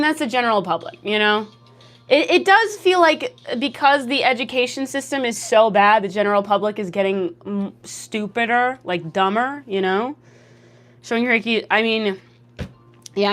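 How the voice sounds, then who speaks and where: A woman's voice: on the high side, fairly bright tone. Sarcastic young Canadian woman streamer. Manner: sarcastic, teasing, swears freely. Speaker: livestreamer reading chat. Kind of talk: casual livestream chat.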